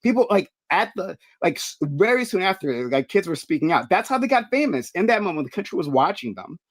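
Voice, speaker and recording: A man's voice: high voice, big pitch swings, brisk, no room sound. Hesitant man with lots of ums. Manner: hesitant, many fillers and apologies. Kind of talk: casual debate.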